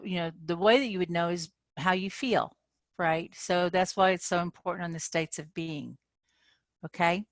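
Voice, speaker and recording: A woman's voice: lowish voice, no room sound. A woman coach giving an informal talk to her members in an online session, speaking conversationally and often checking in with "okay?". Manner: animated when acting out frustration. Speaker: manifestation coach.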